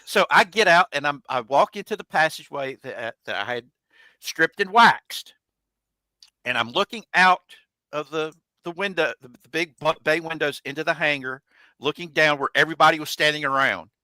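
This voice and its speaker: Guy host rambling through an old navy story, swears a lot, bright clear voice. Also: fairly high pitch, normal speed, dry recording, rough recording. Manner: colloquial, swears freely, acts out quoted people. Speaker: podcast host. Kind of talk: casual storytelling chat.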